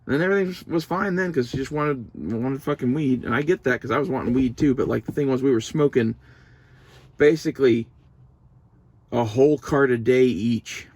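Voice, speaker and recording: A man's voice: mid-range voice, moderate pace, a little mellow. Profane rambling young man. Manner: profane, meandering, emotional. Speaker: vlogger. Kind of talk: casual rambling monologue.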